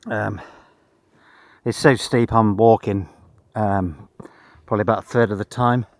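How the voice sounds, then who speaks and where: A tired man on a long cycling trip, talking outdoors in a dry, self-deprecating monotone as a casual travel vlog. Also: on the low side, unhurried, no echo. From Britain. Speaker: vlogger.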